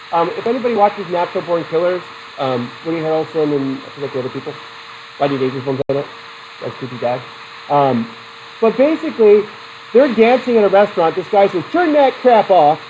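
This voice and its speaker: A man's voice: sits high, darkish tone, a little hiss or hum, poor audio. Chatty male psychology teacher. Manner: chatty, digressive, poses questions to the class; laughs often between points. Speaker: psychology instructor. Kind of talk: classroom lecture.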